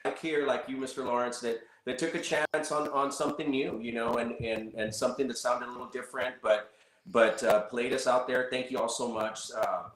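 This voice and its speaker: A man's voice: medium pitch, fairly even intonation, a little fast, fairly bright tone. Grateful male musician, roomy sound. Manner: grateful, repeats words and trails with "man". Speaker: musician guest. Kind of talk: casual interview thanks and shout-outs.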